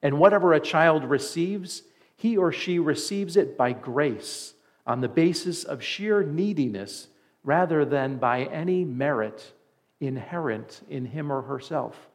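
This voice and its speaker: A man's voice: fairly high pitch, animated, measured pace. A man preaching a sermon as pastor, earnest and conversational, with emphatic repeats.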